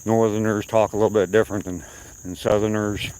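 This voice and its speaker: A man's voice: on the low side, little pitch movement, a little fast, darkish tone, a little hiss or hum, poor audio. An older man with a slight Southern accent, chatting casually with viewers on a live stream while out on a walk, rambling from topic to topic. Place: outdoors at night on a walk.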